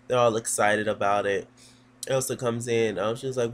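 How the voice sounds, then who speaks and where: A man's voice: medium pitch, fairly even intonation, moderate pace. A man giving a casual, gossipy recap of a TV episode, sassy and full of fillers.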